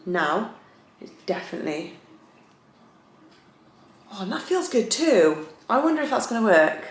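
A woman's voice: medium pitch, sing-song, a little slow. A young woman chatting casually to camera as a vlogger, bubbly with lots of fillers. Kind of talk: casual chat. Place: home, indoors and out walking. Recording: roomy echo, faint noise.

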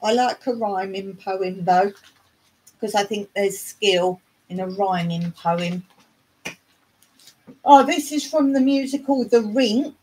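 A woman's voice: mid-range voice, slow, long pauses, a little mellow, a little hiss or hum, low-quality recording. A middle-aged woman from England, hosting a casual live chat, talking in a chatty way, reading aloud and singing snatches of songs. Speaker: livestream host.

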